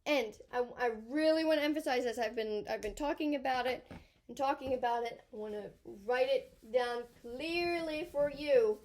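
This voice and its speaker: A woman, a high school teacher, explaining grammar in an emphatic lesson that repeats key points.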